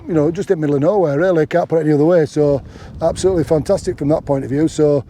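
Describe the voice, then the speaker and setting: A man's voice: on the high side, rapid-fire, mellow, slight background noise. A middle-aged man, chatting casually and rambling through a hiking vlog from open moorland, speaking into a clip-on mic. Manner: rambling and chatty, many restarts and fillers. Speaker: hiking vlogger. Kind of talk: casual outdoor vlog chat. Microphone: clip-on microphone.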